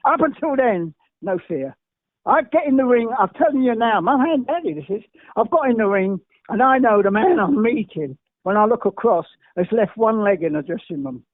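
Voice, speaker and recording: A high-sitting, expressive voice belongs to an older man from England who, as a guest, tells emphatic and repetitive stories that ramble on. He keeps a moderate pace, with no room sound in the dry, phone-like, tinny recording.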